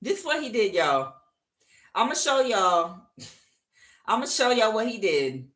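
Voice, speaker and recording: A woman's voice: mid-range voice, sing-song, slow, a bit bright. A woman giving a casual, chatty tarot reading, emphatic and full of fillers. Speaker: tarot reader.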